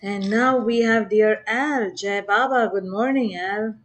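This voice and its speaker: A woman's voice: mid-range voice, a little slow. A woman hosting a video call, giving brief, gracious introductions of each speaker. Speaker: host.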